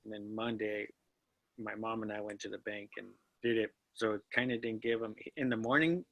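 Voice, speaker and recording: A man's voice: fairly low pitch, fairly even intonation, normal speed, dry recording, dull audio. A man, a real estate student, telling his story as an interview guest in a hesitant, modest way with frequent restarts. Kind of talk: casual interview chat.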